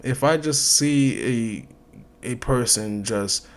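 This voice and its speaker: A man hosting a reaction video, firing off incredulous questions in a casual commentary style. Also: mid-range voice. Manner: incredulous, rapid-fire questioning.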